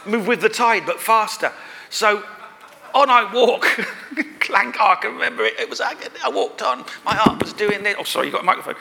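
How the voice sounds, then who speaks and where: High, bright-voiced man telling a story. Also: brisk, vocal fry. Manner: rambling, self-deprecating, emotional. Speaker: guest performer. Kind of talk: live podcast interview storytelling. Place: stage at a live show. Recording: live venue with long reverb.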